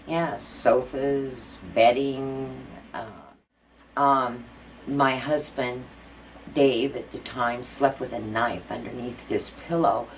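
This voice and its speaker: A woman's voice: a bass voice, steady tone, slow pace, slight background noise. A middle-aged woman being interviewed, earnestly telling a personal ghost story with many fillers. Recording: voice a bit far from mic, faint music.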